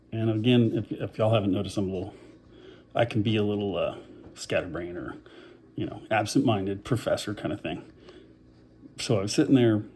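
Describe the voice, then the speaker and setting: Low, mellow man, winded. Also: slight background noise. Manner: rambling, many fillers, self-deprecating. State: short of breath after covid, on oxygen. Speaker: vlogger. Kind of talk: casual video diary.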